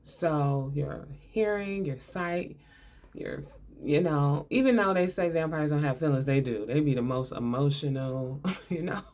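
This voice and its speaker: A woman talks through a movie in a loose, chatty way, with a sarcastic edge and plenty of laughter. Her voice sits on the lower side, and she keeps things casual and colloquial. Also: measured pace, darkish tone. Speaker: movie commentator.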